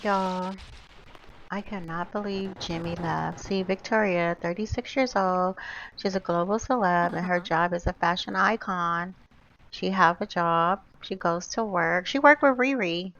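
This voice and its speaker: A woman giving animated, chatty commentary over her gameplay, often calling out to her viewers. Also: fairly low pitch, normal speed, highs cut off, a little hiss or hum. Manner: animated, gasping, chatty, addresses viewers as y'all. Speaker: gaming YouTuber. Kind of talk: casual let's-play commentary.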